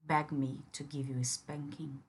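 A woman's voice: deep voice, little pitch movement, normal speed, slightly rough. A woman in an audio role-play who speaks straight to the listener as a firm, commanding yet caring partner.

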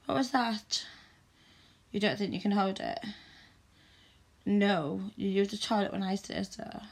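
Woman, adult audio role-play, commanding and mocking, mid-pitched with a rough edge. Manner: stern, teasing, commanding.

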